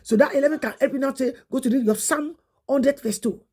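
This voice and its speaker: A woman's voice: high voice, a little fast, darkish tone. A woman preacher, giving an urgent exhortation full of Bible references and repeated "you see?" prompts. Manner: switches into French. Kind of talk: exhortation sermon.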